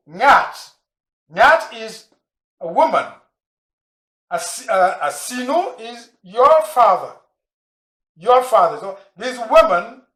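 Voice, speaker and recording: A man teaching a language lesson, going slowly through words and repeating them, with pauses and restarts. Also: very high voice, a bit bright. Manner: slow, repeats and spells out words; frequent restarts and fillers. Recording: echoey room.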